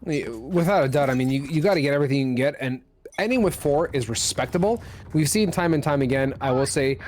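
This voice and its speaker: A man doing live esports color commentary, steady and analytical with bursts of excitement on big plays. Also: on the high side, quick pace, slight background noise.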